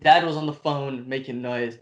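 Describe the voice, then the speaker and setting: An enthusiastic man co-hosting a podcast who gets excited talking and swears casually. His voice sits at an ordinary middle pitch. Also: normal speed. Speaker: podcast co-host. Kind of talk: casual chat.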